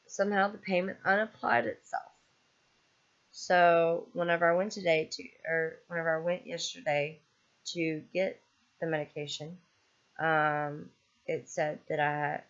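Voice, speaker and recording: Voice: medium pitch, vocal fry, a bit bright, lo-fi sound. A vlogger ranting in a casual, exasperated way, rambling with lots of ums and swearing freely. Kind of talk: casual vlog rant.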